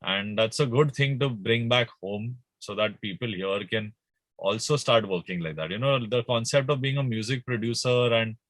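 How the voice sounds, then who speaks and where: Bright, dry-sounding man chatting. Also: mid-range voice, normal speed, dry recording. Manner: animated, rambling with restarts and fillers. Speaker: guest musician. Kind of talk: casual interview chat.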